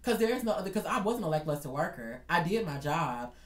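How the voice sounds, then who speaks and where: Animated man telling a storytime. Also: a little high, a little fast, echoey room. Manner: animated, dramatic, talks straight to viewers. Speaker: vlogger. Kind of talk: storytime vlog.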